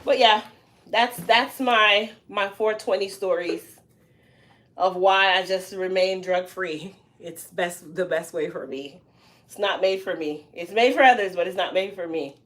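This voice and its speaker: A woman vlogger in her hair salon, telling a funny personal story in a casual, animated way with lots of laughter. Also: medium pitch, measured pace.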